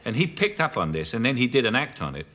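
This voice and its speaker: A man in his fifties with a Cockney London accent, a chat show guest telling anecdotes with halting restarts and frequent chuckles. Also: mid-range voice, very animated, fairly bright tone. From South London, England. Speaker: actor guest. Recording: 1980s television studio broadcast.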